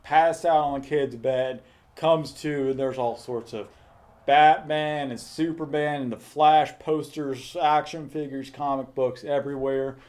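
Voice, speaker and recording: Man, casual film review chat, rambling, fillers, mid pitch. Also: fairly even intonation, unhurried, darkish tone. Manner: rambling, hesitant, lots of fillers. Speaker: movie reviewer.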